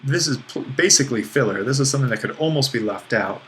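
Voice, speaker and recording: A man's voice: medium pitch, fast talker, slight background noise. Man teaching a Greek grammar lesson. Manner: relaxed explaining with small laughs and self-corrections. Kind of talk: recorded language lesson.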